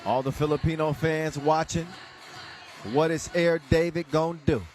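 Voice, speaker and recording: A man giving live, joking commentary on a dunk contest, excitable and chuckling between calls. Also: on the high side, moderate pace.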